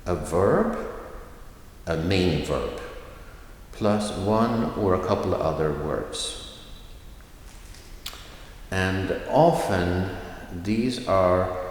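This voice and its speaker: Slow deep-voiced Swedish teacher, echoey room. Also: male voice. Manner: slow, deliberate, modeling phrases with clear stress. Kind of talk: recorded video lesson. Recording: echoey room with long reverb.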